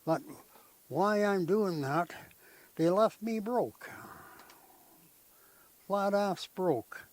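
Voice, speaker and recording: An older man recounts family stories at an unhurried, slow pace. His voice sits a bit high for a man. He talks in a rambling, folksy way and keeps tagging his sentences with "eh?". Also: expressive, no echo, rough recording. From Canada. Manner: rambling, folksy storytelling with frequent "eh?" tag questions. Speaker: interviewee. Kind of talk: storytelling in conversation.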